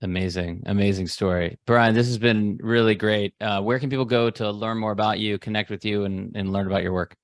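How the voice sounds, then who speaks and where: Male podcast host, low-ish voice, affable interviewer, dry sound. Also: fairly even intonation, brisk, hardly any pauses, dry recording.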